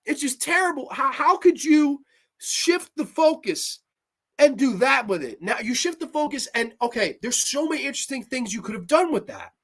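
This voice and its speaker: A woman's voice: sits high, big pitch swings, moderate pace. A woman hosting a horror film review show, ranting with exasperated sarcasm and heavy swearing.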